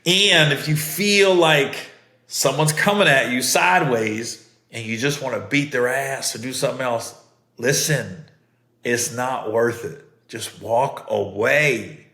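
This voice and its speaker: A man's voice: mid-range voice, slow, pushed and bright. A middle-aged man hosting a podcast, telling stories in a casual, earnest way that often repeats itself. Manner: conversational, repeats himself, earnest. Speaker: podcast host. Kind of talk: casual storytelling monologue. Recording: roomy echo.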